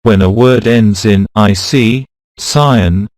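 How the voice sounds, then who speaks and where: A man with a lowish voice reads a pronunciation lesson in a slow, measured way, saying each example word on its own. The sound is close and dry, with no room around it. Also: darkish tone, dry recording. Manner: slow, deliberate, reads words out one by one. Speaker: pronunciation teacher. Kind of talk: scripted instructional narration.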